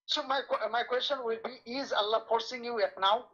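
A man calling into a heated debate livestream, insistent and halting, repeating himself as he tries to make his point. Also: very high-pitched, steady tone, sharp tone, highs cut off. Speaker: caller.

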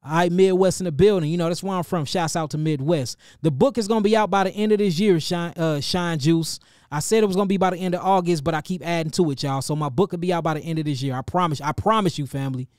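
Lively St. Louis man on a livestream. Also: a little high, fast talker, no room sound, clean studio sound. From St. Louis, Missouri. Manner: animated, preachy, calls listeners family. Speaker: livestream host and healer. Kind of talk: casual livestream shout-outs.

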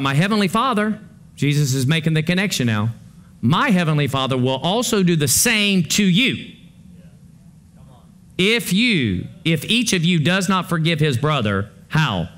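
A male pastor preaches a conversational sermon to his congregation, shifting between hushed, low passages and rising, urgent ones.

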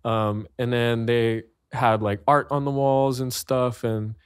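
A man's voice: mid-range voice, flat delivery, takes it slowly, clear, resonant tone, no room sound, studio quality. A man from Hawaii with a Hawaiian accent, chatting casually as a podcast guest, laid-back and slangy, laughing often. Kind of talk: casual chat.

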